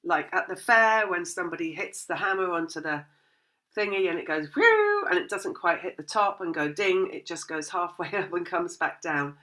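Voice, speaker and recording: Bright-voiced chatty woman tarot reader. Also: fairly low pitch, moderate pace. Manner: rambling, chatty, laughs often; acts out the thoughts of her listeners. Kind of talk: casual spoken tarot reading.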